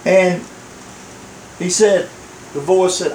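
A high-voiced man preaching in a church, his slow delivery ringing around an echoey room. He tells his story by acting out each voice and chuckles along the way. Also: darkish tone, a little hiss or hum. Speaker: pastor. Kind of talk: sermon.

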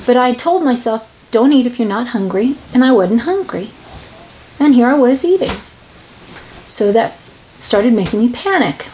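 A woman with a slightly high voice shares her story in an earnest, confessional manner. The recording is dull and lo-fi, with a faint hiss underneath. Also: expressive, moderate pace, darkish tone. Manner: earnest, confessional, emotionally open. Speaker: person sharing her struggles. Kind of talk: candid personal testimony.

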